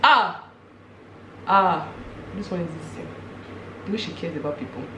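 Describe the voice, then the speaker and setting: A woman's voice: on the low side, normal speed. A young woman, chatting casually and laughing often as the roommate guest. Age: young adult. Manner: animated and laughing, with frequent fillers. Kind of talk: casual chat. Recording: roomy room with background noise.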